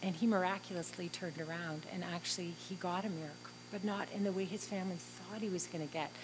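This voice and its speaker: A woman's voice: lowish voice, fairly even intonation, noisy background. Earnest woman telling a personal story. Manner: earnest and heartfelt, halting with fillers. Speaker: interviewee.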